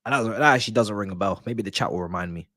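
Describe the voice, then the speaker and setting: A young man chatting casually on a football watch-along stream, joking and laughing in slang and erupting loudly at near-misses. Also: fairly low pitch, very fast, dry recording, clean studio sound. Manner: laughing, nostalgic banter with slang, loud bursts at near-misses.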